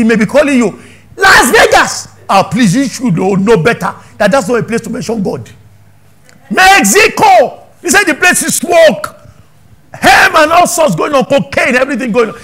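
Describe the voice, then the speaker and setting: Animated Nigerian pastor, high lively voice. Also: male voice. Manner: animated preaching, swings from hushed asides to shouted questions, laughs often. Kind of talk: sermon.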